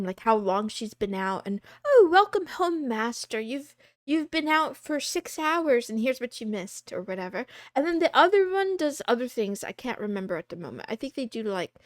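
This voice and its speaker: Lively high-voiced woman streamer. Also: no echo, studio quality. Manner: animated, rambling, laughs often. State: losing her voice. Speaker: VTuber streamer. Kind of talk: casual livestream chat.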